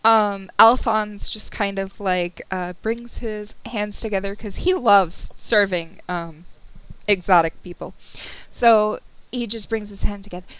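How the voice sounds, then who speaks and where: Slow, smooth-voiced woman game master, relaxed delivery. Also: medium pitch, no room sound, poor audio. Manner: relaxed, unhurried, with many fillers. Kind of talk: narrating a tabletop game.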